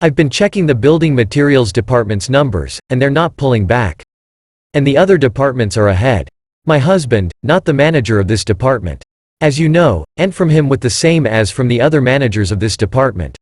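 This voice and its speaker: A man's voice: medium pitch, lively intonation, fairly quick, a little mellow, no echo, studio quality, lightly acted. A man voicing an upset wife in a read-aloud story, earnest and pleading. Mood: defiant. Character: upset wife defending her husband.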